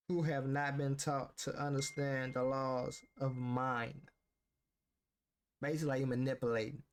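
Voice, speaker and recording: A man casually reading a self-help book aloud and reacting to it in slangy, talk-back commentary. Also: medium pitch. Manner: slangy, talks back to the text, reads passages aloud then riffs.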